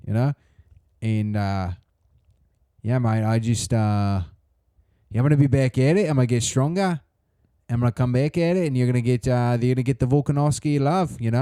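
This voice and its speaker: A man putting on a beaten fighter, halting and full of fillers. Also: medium pitch, warm tone, clean tone, dry recording, studio quality, lightly acted. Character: beaten Australian male fighter, humble, rambling.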